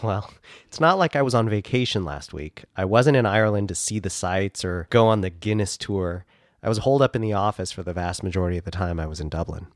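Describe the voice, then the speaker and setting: A man's voice: sits low, a little fast, no echo, studio quality. A man with a stuffed-up nose from a cold, telling travel and food stories in a casual chat with his co-host. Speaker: podcast co-host.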